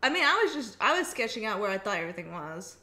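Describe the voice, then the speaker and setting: A woman's voice: medium pitch, big pitch swings, fast talker, pushed and bright, roomy sound. A woman co-hosting a casual art livestream, chatting and reading viewer comments aloud with frequent giggles. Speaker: stream co-host reading chat.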